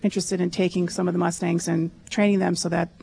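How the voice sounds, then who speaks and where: A woman's voice: fairly low pitch, level tone, quick pace, gravelly, warm tone. A woman in the audience asking a question in a hesitant, tentative way. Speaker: audience member.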